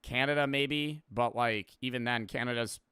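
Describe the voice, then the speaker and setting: Blunt, profane streamer, bright and crisp. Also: male voice, medium pitch, normal speed, dry recording, clean studio sound. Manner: blunt, profane, rambling with many fillers. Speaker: streamer reacting to a video. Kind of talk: casual reaction commentary.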